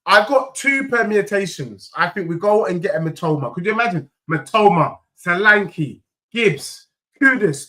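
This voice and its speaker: A young man hosts a football fan stream, trading heated, teasing banter with viewers in rapid-fire bursts. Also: high voice, bright, forceful tone. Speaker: football fan channel host. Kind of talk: animated live fan chat reacting to viewers.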